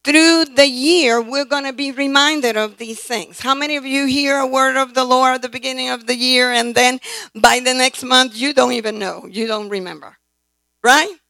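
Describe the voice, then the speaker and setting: A woman's voice: high-pitched, fairly even intonation, moderate pace, creaky, bright, forceful tone, dry recording, poor audio. A woman preacher delivering a sermon, emphatic, often calling out "right?" and "amen?" to the congregation. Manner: emphatic, calls for responses from the congregation.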